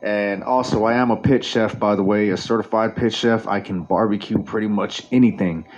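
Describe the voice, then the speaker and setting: A man's voice: on the low side, steady tone, moderate pace, darkish tone. Rambling, foul-mouthed male host. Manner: rambling, swears constantly, many restarts. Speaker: radio show host. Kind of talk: casual profane monologue. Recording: dull lo-fi recording.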